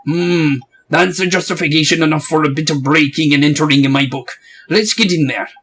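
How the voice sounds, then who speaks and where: A man's voice: on the high side, a little fast, a bit bright, slightly rough. A man voicing a chatty, cheeky male fairy companion, full of blunt, folksy slang, in a game playthrough. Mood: wry.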